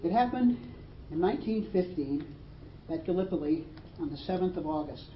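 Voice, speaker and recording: A woman's voice: fairly low pitch, animated, moderate pace, dull audio. Woman, sermon, emphatic, roomy echo, faint room hum. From Australia. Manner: earnest, emphatic preaching with dramatic read quotes. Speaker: preacher.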